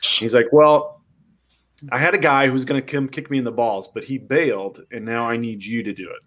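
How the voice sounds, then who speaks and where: A man's voice: mid-range voice, brisk. A man telling a funny story in casual chat, acting out voices and reactions. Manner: animated, acts out voices in quotes.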